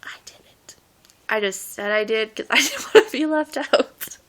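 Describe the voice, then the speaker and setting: A woman's voice: on the high side, normal speed, a bit bright. A woman in her late teens telling stories in a rambling, giggly vlog, laughing often as she talks. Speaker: vlogger. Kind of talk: casual storytelling vlog.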